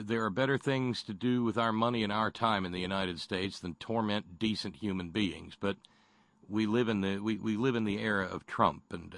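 A man's voice: on the low side, fairly bright tone, no room sound. Folksy radio host man, dry studio. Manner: folksy, wry, many fillers and restarts. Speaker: radio talk show host. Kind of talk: opinionated radio talk.

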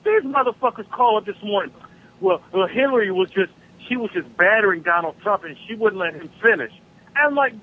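A man calling in by phone, ranting with heavy profanity about politics in a heated, animated way. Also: high voice, a little fast, slight background noise. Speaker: caller. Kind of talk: angry political rant on a call-in show. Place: South Carolina. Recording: tinny phone line.

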